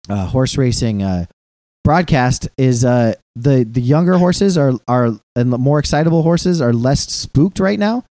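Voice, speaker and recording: A man in his thirties co-hosting a podcast, talking casually in a rambling, profane, animated way. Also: mid-range voice, no room sound, clean studio sound. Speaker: podcast co-host. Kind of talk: casual chat.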